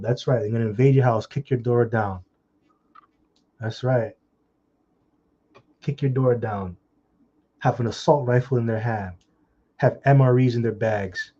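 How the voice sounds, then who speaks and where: A man preaching from scripture, reading verses slowly and then breaking into crude, mocking commentary. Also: mid-range voice, steady tone, mellow, slightly rough. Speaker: street preacher. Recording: dull lo-fi sound.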